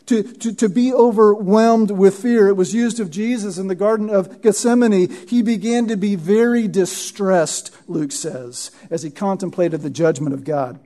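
A man preaching an expository sermon, teaching verse by verse, often pausing to ask "Right?" and repeating words for emphasis. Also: sits high, warm tone. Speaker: pastor.

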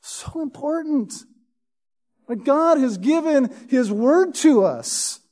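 A man's voice: very high voice, lively intonation, takes it slowly, a little mellow. A man preaching a sermon in an emphatic way, reading scripture and often asking "right?". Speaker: pastor.

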